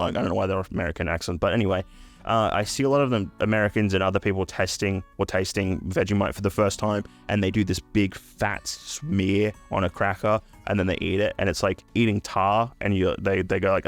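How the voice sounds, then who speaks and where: A young man with an Australian accent ranting casually to camera, sweary and blunt, with jokey asides and sudden high-pitched outbursts. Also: steady tone, brisk, soft background music. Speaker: YouTuber.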